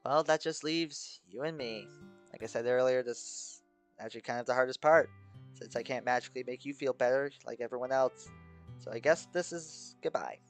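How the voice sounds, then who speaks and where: A man voicing an exhausted, despairing teenage girl who talks quietly and haltingly, apologizing as she goes. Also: mid-range voice, soft background music, natural voice. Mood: tender farewell.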